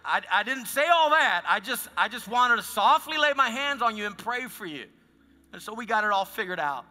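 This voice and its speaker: A pastor preaches in a church sanctuary, his voice high, expressive, brisk, pushed and bright, echoing as in a large hall. He tells his stories casually and restarts often.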